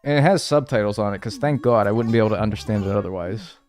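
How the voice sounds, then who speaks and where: A man with a fairly low, darkish voice talks fast while streaming a speedrun, faint music behind him. He chats casually with viewers, rambling, joking and swearing freely in jokey banter with chat.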